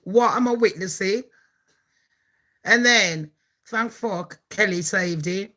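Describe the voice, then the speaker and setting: A woman's voice: mid-range voice, slow, pushed and bright. An English woman with a Birmingham accent, hosting a gossip channel, talking in a brash, foul-mouthed way and laughing often. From England. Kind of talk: casual gossip vlog.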